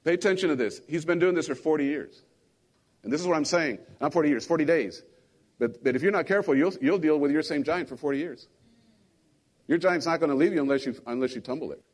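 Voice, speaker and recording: A pastor giving a sermon, telling a story with lively acted-out quotes and calling out questions to his congregation. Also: a little high, quick pace. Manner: animated storytelling, acting out quotes, asking the congregation.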